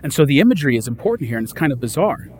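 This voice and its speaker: A man preaching a sermon in a casual, conversational way, reading scripture and explaining it with lively asides. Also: mid-range voice, racing, a little hiss or hum. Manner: conversational, animated, acts out disciples' lines. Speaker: pastor.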